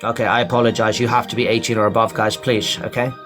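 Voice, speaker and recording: A man's voice: on the low side, level tone, fast talker, a bit bright, faint music behind. A man hosting a late-night live stream, lecturing callers in a stern, repetitive way. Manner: stern, lecturing, repeats himself. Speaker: livestream host.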